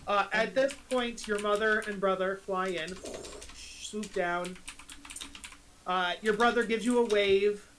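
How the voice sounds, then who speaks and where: A man narrating as game master in a tabletop game, with a halting, self-deprecating way of talking. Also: high voice, fairly even intonation, a bit bright, slight background noise, low-quality recording.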